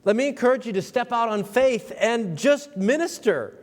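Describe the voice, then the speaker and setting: A fairly high-voiced man preaching to his congregation. He is emphatic and conversational, slipping into playful voices for quotes, and his words carry a long reverb through the church sanctuary. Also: animated, moderate pace. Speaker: pastor. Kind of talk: sermon.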